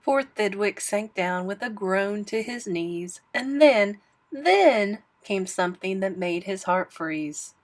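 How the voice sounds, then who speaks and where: Brief: woman storybook reader, slow and expressive, mid-pitched. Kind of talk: reading a rhyming picture book aloud.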